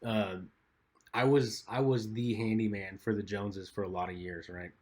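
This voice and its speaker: A man's voice: on the low side, steady tone, normal speed, a little mellow. A man co-hosting a podcast, telling laid-back, teasing stories in casual chat. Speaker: podcast co-host.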